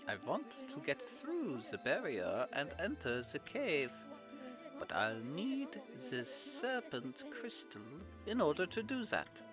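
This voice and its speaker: A woman's voice: mid-range voice, huge pitch swings, takes it slowly, over music. A woman voicing a suave male prophet with showy French flair, reading game dialogue aloud with smug theatrics.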